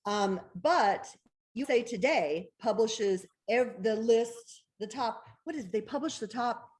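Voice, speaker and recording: A woman author, a guest in an interview, telling a story in an excitable way, laughing often and acting out the dialogue she recalls. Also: on the high side, measured pace.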